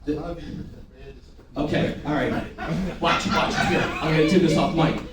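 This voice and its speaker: A man's voice: on the high side, steady tone, a little slow, long pauses. A man leading a live sales training seminar, drilling an audience in call-and-response and teasing them with jokes. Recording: very echoey room, mic at a distance.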